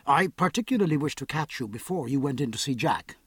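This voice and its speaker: A grave, earnest gentleman who weighs his words, read by a male audiobook narrator. The husky voice moves in lively pitch turns over a dry, close sound. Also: dry recording. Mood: apologetic. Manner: grave, measured. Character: earnest, thoughtful man. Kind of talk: audiobook character voice.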